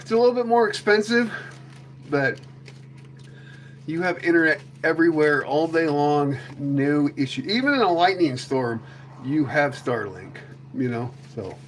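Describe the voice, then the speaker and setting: A man chats loosely with viewers, drifting from topic to topic with jokes and casual swearing. His voice sits somewhat high for a man. A faint ambient noise runs under the recording. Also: expressive, unhurried. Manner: rambling, joking, frequent mild swearing. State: a little out of breath after chasing goats. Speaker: streamer chatting with viewers. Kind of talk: casual live-stream chat.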